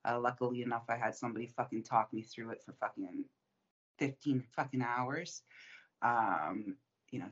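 A man's voice: medium pitch, moderate pace, a bit bright. A man telling his recovery story in casual conversation, swearing often and rambling with many fillers. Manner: profane, rambling, frequent fillers. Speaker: guest sharing recovery story. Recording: dull lo-fi sound.

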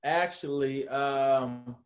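A man telling a story in a casual interview, animated and acting out what others said. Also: mid-range voice, drawn-out words. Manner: animated, acts out quotes of others. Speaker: guest, former reality TV cast member.

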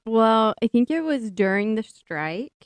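A woman's voice: fairly high pitch, expressive, unhurried, dry recording, clean studio sound. A woman co-hosting a podcast, chatting casually, with short, wry remarks. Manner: brief, wry replies and backchannels. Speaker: podcast co-host. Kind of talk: casual chat.

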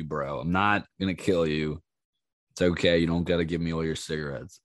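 Guy with a lowish voice on his podcast, telling crazy stories, swearing and laughing, doing everybody's lines, dry close sound. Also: a little fast, no room sound. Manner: animated, acts out quoted lines in raised voices. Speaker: podcast host. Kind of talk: casual storytelling monologue.

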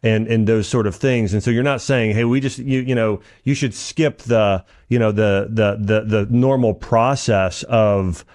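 A male podcast host with a somewhat low voice asks questions and reflects aloud. He speaks haltingly, with frequent fillers and restarts while he works out what he wants to say. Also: steady tone, a little mellow. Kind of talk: interview conversation.

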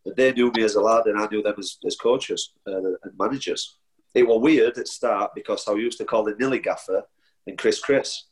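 A man's voice: lowish voice, a little fast, poor audio. A man with a Northern English accent, a footballer guest telling anecdotes in casual chat, often restarting and laughing. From Sheffield, England. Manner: chatty storyteller with frequent restarts and laughter.

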